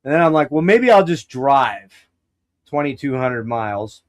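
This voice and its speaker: A man's voice: medium pitch, animated, normal speed. A man from Pennsylvania hosting a podcast, telling a long rambling story full of restarts and quoted asides in a casual chat. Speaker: podcast host.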